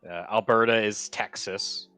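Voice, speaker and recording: A man's voice: fairly low pitch, fairly even intonation, unhurried, sharp tone, clean tone, faint music behind. A man from Canada chatting in a laid-back way with short replies as a co-player on a gaming stream. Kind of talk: casual gaming stream chat.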